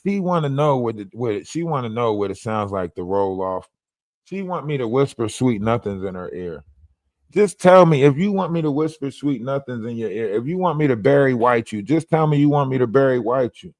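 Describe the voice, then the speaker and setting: A man's voice: medium pitch, lively intonation, brisk, darkish tone, no echo, studio quality. A man hosting a livestream, ranting in a repetitive, confrontational way, often asking "you know what I mean". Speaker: livestream host. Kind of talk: rambling livestream rant.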